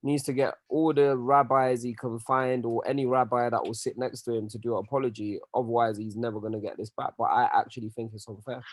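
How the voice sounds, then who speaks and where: A man's voice: medium pitch, little pitch movement, fairly quick, hardly any pauses, no echo. A man talks through his view in a casual podcast chat. His voice sits in the middle range and sounds close and dry, with no room around it. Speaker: podcast co-host.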